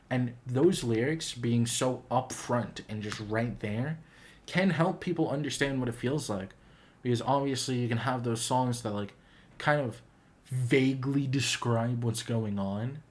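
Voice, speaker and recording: A man's voice: mid-range voice, a little slow. A man hosting a casual reaction video, talking in an earnest, heartfelt, gushing way. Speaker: YouTube reaction host.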